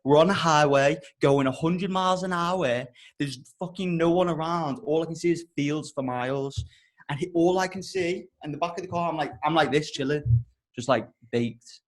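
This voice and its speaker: Young man, podcast host, casual storytelling, animated, sweary, slightly high voice. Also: normal speed. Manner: animated, swears often, rambling.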